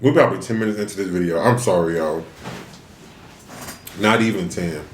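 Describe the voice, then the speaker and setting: A man's voice: low voice, normal speed, a little hiss or hum. Venting man in an echoey room. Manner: venting, rhetorical questions to the audience. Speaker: mukbang vlogger. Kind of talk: casual chat to viewers while eating. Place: room, eating on camera.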